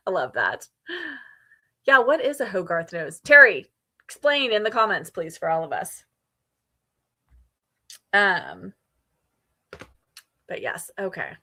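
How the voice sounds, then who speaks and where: A woman's voice: on the low side, big pitch swings, slow, pauses often, bright, forceful tone. A woman hosting a casual livestream readalong, chatting with viewers and sprinkling her talk with ums and little laughs. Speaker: book streamer hosting a readalong.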